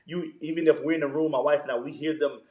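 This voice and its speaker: A man, a pastor, talks through fatherhood in a loose, story-filled way, dropping "man" into almost every thought. His voice sits a little high, and the room around him rings with echo. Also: fairly even intonation, fast, darkish tone. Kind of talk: conversational interview.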